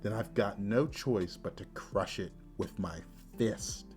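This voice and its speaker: A man voicing a calm, deadpan young male fighter who speaks flatly and sounds unbothered. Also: lowish voice, takes it slowly, faint music behind. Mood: calm determined. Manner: flat, unbothered.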